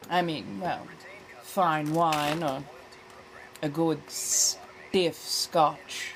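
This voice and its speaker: A livestream host chats casually in an affected, old-fashioned American accent, languid and theatrical, drawing out her words and calling viewers darling. Her lowish voice stays steady in tone, moving very slowly with frequent pauses. A faint hiss runs underneath.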